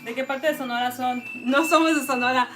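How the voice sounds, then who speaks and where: A woman's voice: sits high, steady tone, quick pace, low-quality recording. A woman from San Diego co-hosting a casual cooking livestream, chatting in slang and reading out viewer comments. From San Diego, California, USA. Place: home kitchen. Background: background music.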